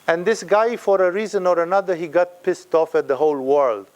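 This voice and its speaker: A man's voice: sits high, a little fast, a little mellow. A man giving a spiritual talk, emphatic and fond of acting out the people he quotes. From Romania. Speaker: spiritual teacher.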